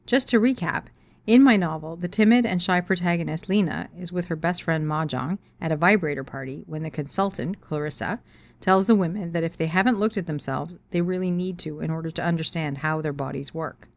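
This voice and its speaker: A woman's voice: on the low side, a little fast. A woman podcast host and author telling a personal story frankly and expressively, with explicit language. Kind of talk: personal storytelling and reading aloud.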